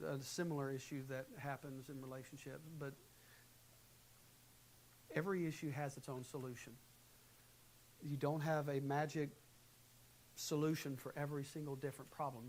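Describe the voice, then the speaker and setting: A man preaching a sermon in a church, animated, shifting between quiet, calm advice and loud, acted-out quotes. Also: on the high side, low-quality recording. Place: church sanctuary. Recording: faint hiss, live church recording.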